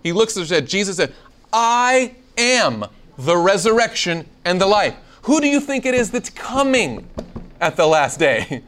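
Speaking in a high voice and without hurry, a man teaches a Bible seminar to people in the room. He keeps things lively by posing questions to them and performing the quoted passages.

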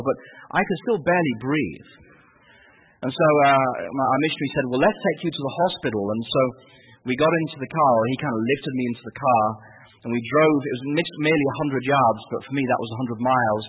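An Englishman telling a personal story in a halting, vivid way, with many fillers and restarts. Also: medium pitch, a little hiss or hum. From England. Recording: tinny phone-like radio sound.

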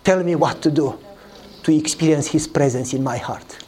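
A man preaching a sermon, telling a story and acting out the dialogue with lively voices. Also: normal speed. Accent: Eastern European. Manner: animated storytelling, acts out dialogue in a higher voice.

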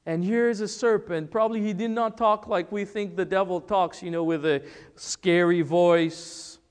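A man from the Republic of the Congo preaching a sermon, emphatic and full of rhetorical questions and pauses. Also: high-pitched, steady tone, clean tone. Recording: long church-hall reverb.

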